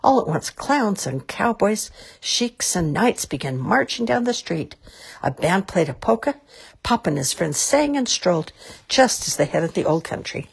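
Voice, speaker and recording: Storybook narrator, woman, low and breathy. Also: moderate pace. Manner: expressive, lilting. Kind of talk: storybook read-aloud.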